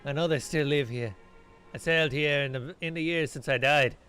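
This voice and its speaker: A man's voice: fairly high pitch, normal speed, fairly bright tone, clean tone, soft background music, close to an everyday voice. A man voicing a grim, boastful old male pirate ghost, reading game dialogue aloud in salty pirate talk.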